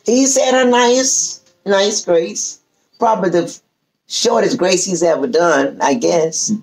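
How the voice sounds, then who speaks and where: On poor audio, an older woman of medium pitch tells a family story as a storyteller guest. Her casual telling is lively and drawn-out, and she acts out what her relatives said.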